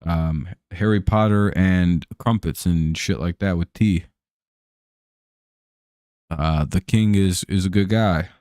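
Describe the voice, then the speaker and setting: American man faking a mock british gent, lowish voice, dry close sound, parody. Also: takes it slowly, pauses often, a little mellow, clear, resonant tone, no echo. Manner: mocking, exaggerated stereotype lines.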